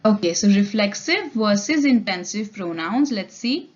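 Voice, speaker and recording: A woman's voice: mid-range voice, animated, measured pace. A young woman with an Indian accent teaching an English grammar lecture, explaining step by step and checking in with "okay?". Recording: dull lo-fi recording.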